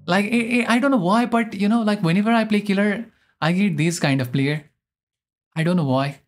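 A young man streaming a game live, chatting in a rambling, excitable way and often mocking his own mistakes. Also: sits high, normal speed. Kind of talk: live gameplay commentary.

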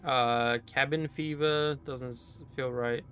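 A man's voice: medium pitch, fairly even intonation, slow pace, a bit bright, soft background music. A man casually commenting on a horror game he is playing, joking and reading text aloud. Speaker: gaming streamer. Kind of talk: casual let's-play commentary.

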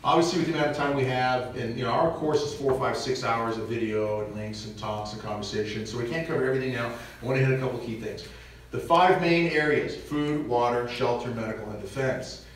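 Animated man speaking in an echoey church. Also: medium pitch, a little fast, a little hiss or hum. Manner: animated, jokey, acts out little scenes. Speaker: visiting speaker on preparedness. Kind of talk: lively parish mission talk. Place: church hall. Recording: echoey church, recorded from far off.

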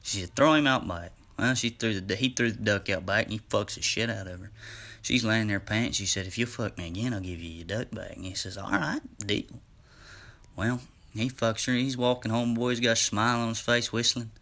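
A man's voice: on the low side, fairly quick, bright, forceful tone. A man casually telling a bawdy joke in a folksy, drawling storytelling manner. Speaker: joke teller.

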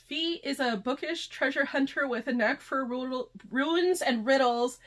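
A woman hosting a casual unboxing vlog, excitable and gushing, sometimes reading book blurbs aloud. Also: sits high, measured pace, few pauses. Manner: excitable and gushing, often near tears. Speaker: channel host.

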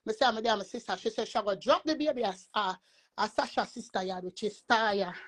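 A woman's voice: mid-range voice, fairly quick. A woman with a Jamaican patois accent, telling a long rambling story in a casual live chat. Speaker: storyteller guest.

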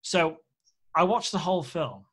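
A man from Australia chats as a podcast guest, telling frank stories and slipping into the voices of the people he quotes. His voice sits a little high for a man. He speaks openly and with animation, as if he has nothing to hide. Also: a little slow, husky. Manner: candid, animated anecdote-teller who acts out quoted speech. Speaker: filmmaker guest. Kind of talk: casual podcast interview storytelling.

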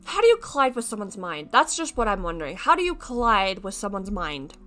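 A woman streaming a game live, chatting casually in a playful, giggly way that swings between mumbling and yelling. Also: medium pitch, very animated, a little fast, soft background music. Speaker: VTuber streamer. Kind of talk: casual live-stream chat while gaming.

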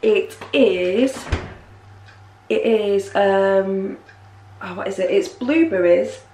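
A woman's voice: medium pitch, steady tone, drawn-out words, warm tone, a little hiss or hum. Chatty woman vlogging at home. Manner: rambling, chatty, self-deprecating. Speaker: lifestyle vlogger. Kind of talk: casual talk to camera. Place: at home, indoors. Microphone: handheld camera mic.

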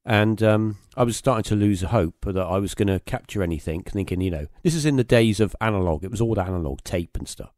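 A man's voice: fairly low pitch, expressive, brisk, few pauses, darkish tone, dry recording, clean studio sound. A man hosting a podcast, telling a long anecdote in a rambling, casual way with plenty of fillers. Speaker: podcast host. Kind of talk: casual conversation, storytelling.

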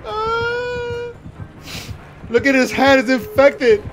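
A man streaming a horror game, reacting excitably with lots of laughter and panicked yelps. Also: very high voice, very slow, over music. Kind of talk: reacting to gameplay.

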